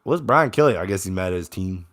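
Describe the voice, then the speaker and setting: Excitable fan calling a game live. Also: male voice, sits low, quick pace. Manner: excitable, swings from grumbling to shouting with plays. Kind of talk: casual live game reaction commentary.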